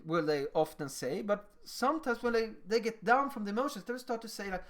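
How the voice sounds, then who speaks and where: A man with a Swedish accent giving a lecture on teaching, animated and acting out little dialogues with children. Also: high-pitched, a little fast, few pauses.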